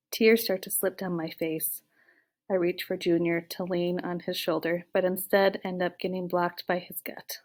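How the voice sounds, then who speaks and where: Woman, first-person audiobook narration, expressive, fairly low pitch. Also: moderate pace.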